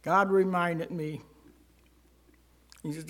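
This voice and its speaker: This older man, a member of the church, gives his testimony to the congregation in a fairly bright voice that runs on the high side. His storytelling is slow and earnest, rising with swells of emphasis where it matters most.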